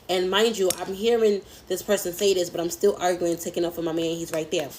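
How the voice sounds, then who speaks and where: A woman's voice: on the low side, little pitch movement, a little fast, few pauses, darkish tone, slight background noise. A young adult woman telling a personal story in a casual, candid, chatty way, swearing freely.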